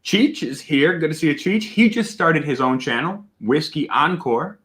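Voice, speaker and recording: A man hosting a casual whiskey tasting livestream, talking loudly, greeting viewers and laughing often. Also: on the high side, normal speed. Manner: loud and animated, laughs often. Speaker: host of a whiskey tasting stream.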